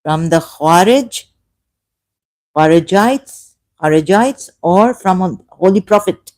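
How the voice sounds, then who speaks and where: An impassioned man talks through an emotional solo commentary, his voice mellow and dark. He swings from loud outbursts to quiet asides. The recording is dry and close. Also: high voice, lively intonation, a little slow, dry recording. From Shia Muslim background. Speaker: ex-Muslim commentator.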